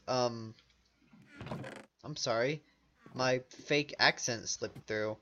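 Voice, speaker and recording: A man's voice: mid-range voice, very slow, long pauses, a bit bright, muffled recording, slight background noise. A man from the United States giving casual, rambling gameplay commentary, full of fillers and self-corrections. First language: English.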